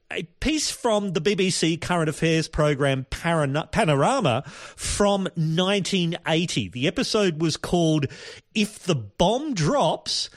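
A man's voice: on the high side, dry recording, studio quality. Thoughtful rambling male podcast host. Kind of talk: casual commentary.

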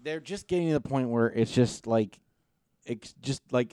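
A man's voice: mid-range voice, moderate pace, a little mellow, clean tone, dry recording, studio quality. A man co-hosting a podcast in casual chat, rambling and hesitant as he explains things. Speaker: podcast co-host.

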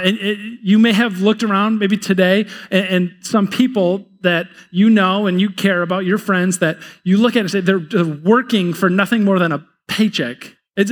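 High-voiced pastor preaching in a hall. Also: male voice. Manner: conversational, repeats words while building points. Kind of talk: sermon. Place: church sanctuary.

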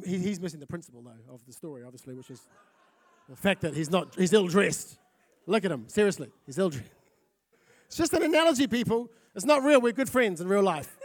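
High-pitched man from Fiji, pastor, lively conversational sermon. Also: a little fast. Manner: lively, conversational, often asks the crowd "right?".

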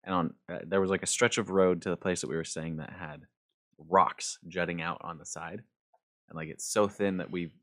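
A man's voice: low-pitched, fairly even intonation, moderate pace, a bit bright. A man chatting casually, telling rambling stories and laughing often. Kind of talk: casual chat.

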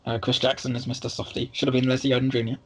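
A man's voice: mid-range voice, level tone, rapid-fire, slight background noise, rough recording. A man co-hosting a casual film review chat, talking in a chatty, hesitant way with many fillers. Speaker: podcast co-host.

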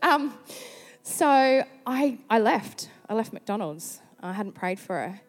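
Animated Australian woman preaching in a hall. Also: fairly high pitch, slow. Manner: chatty, animated storyteller who slips into quoted voices. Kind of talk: sermon with personal storytelling. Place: large church hall. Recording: long hall reverb.

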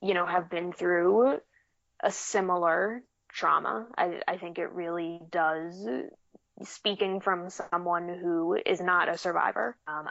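A woman's voice: on the low side, creaky, fairly bright tone, dry recording. A woman co-hosting a film podcast, speaking thoughtfully and earnestly. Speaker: podcast co-host. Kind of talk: casual film podcast chat. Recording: dry, muffled lo-fi audio.

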